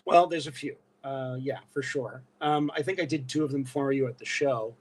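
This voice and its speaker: A man from Brooklyn with a New York accent, a guest chatting casually and telling animated stories. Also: mid-range voice, normal speed, breathy edge, low-quality recording. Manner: animated storyteller, breaks into voices. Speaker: guest, illustrator and costume actor. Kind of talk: casual interview chat.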